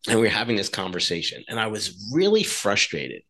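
A man co-hosting a podcast, telling stories in a casual, animated way and acting out the dialogue in them. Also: fairly low pitch, a little fast. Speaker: podcast co-host.

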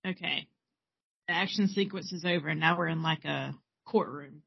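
A woman's voice: sits low, normal speed, gravelly, breathy edge, no echo, dull audio. A woman in her thirties co-hosting a podcast, telling stories in casual chat while watching a film. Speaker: podcast co-host. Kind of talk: casual chat during a movie watch-along.

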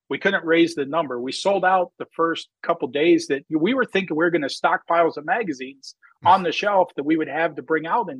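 Full of fillers, this rambling casual interview features a drag racer who started a magazine, growing animated whenever he quotes himself. His voice is a little high and slightly rough, recorded dry and roughly.

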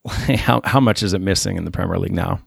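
A man hosting a casual sports podcast, steering the talk with questions. His low voice has a gravelly edge. The sound is dry and close. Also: fairly quick, dry recording. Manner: moderating, asks questions, brief acknowledgements. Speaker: podcast host.

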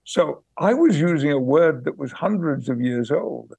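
Older english guy, rp accent, gravelly, a bit higher than most, slow careful storytelling, dry studio sound. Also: lively intonation, darkish tone, dry recording. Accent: British received pronunciation. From Yorkshire, England. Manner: measured, thoughtful, pausing to search for words. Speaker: guest, actor and memoir author. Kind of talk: reflective interview storytelling.

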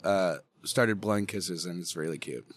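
A young man talking as a guest in a casual, joking interview, laid-back and quick to laugh, swearing often and answering with a polite "yes, ma'am". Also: deep voice, no room sound.

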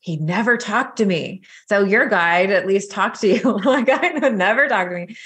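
A woman's voice: mid-range voice, lively intonation, moderate pace, fairly bright tone. A woman guest explaining spiritual guides in a chatty, easygoing conversation. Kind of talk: casual chat.

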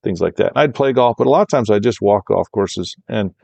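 A man's voice: fairly low pitch, fairly quick, vocal fry, a little mellow, no room sound. A man, a golf course architect, telling a long, rambling anecdote in a casual interview and livening up when he quotes other people. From Michigan, USA.

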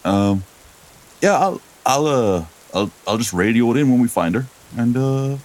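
A man's voice: medium pitch, lively intonation, a little slow, darkish tone, lightly acted. A man playing a young, eager small-town deputy with a drifting folksy drawl and lots of fillers.

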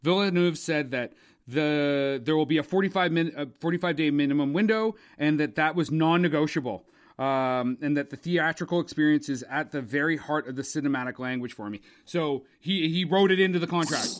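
Lively, swearing Canadian man. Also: on the high side, fairly quick. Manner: rambling, joking, swears freely. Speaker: podcast co-host. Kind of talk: casual movie-review chat.

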